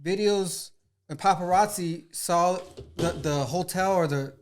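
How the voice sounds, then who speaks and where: Laid-back male podcast co-host, higher voice. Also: a little slow. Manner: easygoing storyteller, swears casually. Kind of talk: casual chat.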